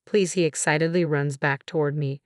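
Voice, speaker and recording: A low-voiced woman tells a first-person story in a plain, even reading voice. The sound is dry and close, with no room echo at all. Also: normal speed. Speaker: story narrator.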